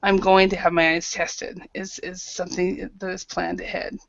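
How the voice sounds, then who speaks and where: A woman's voice: on the low side, flat delivery, moderate pace, vocal fry, a bit bright, dry recording, muffled recording. Patient woman teaching English online. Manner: patient, calls on students by name.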